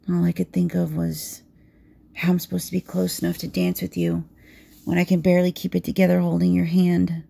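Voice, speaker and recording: Soft, gravelly woman telling an intimate story. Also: lowish voice. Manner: soft and intimate, slipping into whispers. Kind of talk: intimate second-person romance narration.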